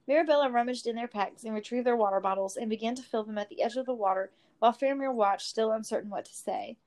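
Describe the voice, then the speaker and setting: A woman reading a fantasy story aloud in a steady, expressive storytelling manner. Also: on the high side, fast. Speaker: story reader. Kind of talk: reading fan fiction aloud.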